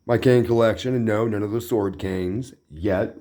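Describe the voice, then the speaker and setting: A man's voice: on the low side, normal speed, mellow. A man vlogging a casual tour of his new place, talking in a dry, sarcastic way. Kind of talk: casual home tour narration.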